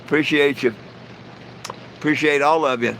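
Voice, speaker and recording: A man's voice: a little high, fairly even intonation, normal speed, fairly bright tone, a little hiss or hum, poor audio. Folksy rambling man telling jokes. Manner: folksy, rambling storyteller with frequent "you know". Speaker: live stream host. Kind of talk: casual joke telling.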